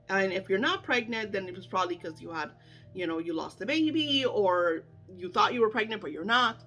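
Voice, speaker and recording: A middle-aged woman coaching on manifesting in an animated, chatty way, full of fillers and acted-out self-talk. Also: medium pitch, brisk, faint music behind. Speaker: spiritual coach. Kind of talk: casual teaching chat.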